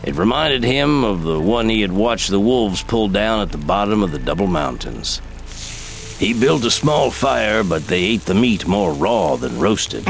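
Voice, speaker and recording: Low, gravelly male storyteller. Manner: measured, expressive storytelling. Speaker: narrator. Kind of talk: scripted audiobook narration. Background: soft background music.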